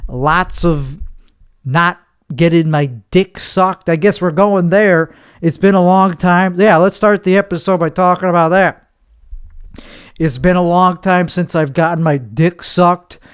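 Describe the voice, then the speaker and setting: A man's voice: sits high, measured pace, clear, resonant tone, no echo, studio quality. A man hosting his own podcast from his bedroom, with a nasal voice, rambling through a crude, self-deprecating comedy monologue. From United States. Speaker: podcast host.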